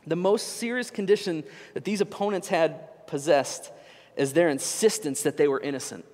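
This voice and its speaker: A young man preaching a sermon in a church, conversational and animated as he tells stories. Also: fairly high pitch, long reverb tail. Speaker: pastor. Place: church sanctuary.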